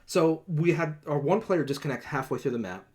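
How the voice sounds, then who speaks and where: A man's voice: on the high side, brisk, a little mellow. A young man rambles through a gaming story on a casual podcast, dropping fillers and curses as he goes. He jumps into a livelier voice whenever he quotes someone, then settles back into easy chat. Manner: acts out quoted lines in a livelier voice. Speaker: podcast host.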